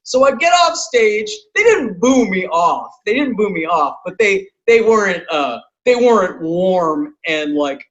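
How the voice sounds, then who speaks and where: This comedian and podcast host spins a long, swear-filled funny story, animated and barely pausing. His voice is high and a little slow, and the sound is lo-fi.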